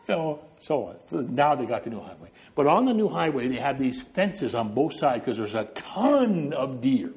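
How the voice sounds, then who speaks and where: A man's voice: mid-range voice, sing-song, moderate pace, hardly any pauses, darkish tone. A middle-aged male preacher from New Brunswick, Canada, giving a sermon and telling stories while walking back and forth and illustrating with gestures.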